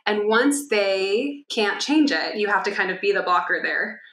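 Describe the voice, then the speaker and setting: Woman co-host, chatty and animated, bright tone, echoey room. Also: medium pitch, unhurried. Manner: animated, acts out children's voices. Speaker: podcast co-host. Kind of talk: casual explanatory chat.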